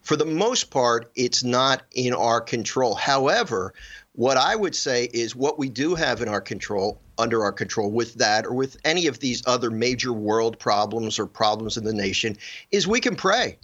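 A man's voice: medium pitch, animated, moderate pace, a bit bright, muffled recording. A man guest on a radio show, an author explaining his ideas earnestly. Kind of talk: radio interview.

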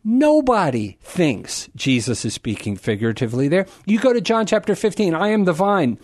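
A middle-aged man hosting a call-in radio show, explaining Scripture to a caller in an animated, emphatic way and acting out crowd voices for humor. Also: sits high, normal speed. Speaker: Catholic radio host answering a caller. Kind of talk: call-in radio Bible teaching.

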